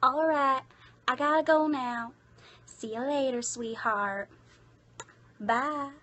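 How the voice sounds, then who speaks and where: A woman voicing a sweet, shy young woman with a soft Southern accent, talking gently and motherly. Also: high voice, takes it slowly, full character voice.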